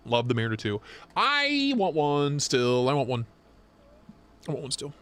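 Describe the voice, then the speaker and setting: A young man co-hosting a live stream, chatting casually and swearing as he jokes and gets excited. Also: a little high, measured pace, long pauses, smooth. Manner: excited, profane, joking. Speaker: knife show co-host.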